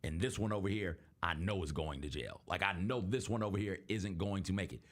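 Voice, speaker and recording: A man's voice: deep voice, brisk. A young adult man hosting a casual sports talk show, telling stories in an earnest way and acting out the people he quotes. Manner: earnest, storytelling, acts out quoted voices. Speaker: podcast host.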